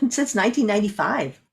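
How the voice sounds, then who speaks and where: A woman coach and speaker, guest on an interview show, telling a story with lively acted-out dialogue. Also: mid-range voice, moderate pace, creaky. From California. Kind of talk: animated storytelling in conversation.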